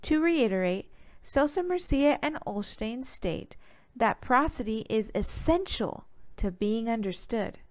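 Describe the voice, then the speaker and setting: A young woman giving a student presentation, reading formal points and citations in a steady way. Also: a little high, unhurried. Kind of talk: reading a prepared class presentation.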